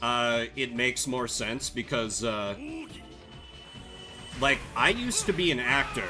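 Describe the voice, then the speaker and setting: A man's voice: mid-range voice, animated, takes it slowly, music in the background. A young man streaming a game, telling rambling stories full of fillers in a casual chat. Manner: chatty, rambling storytelling with many fillers. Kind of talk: casual gameplay commentary.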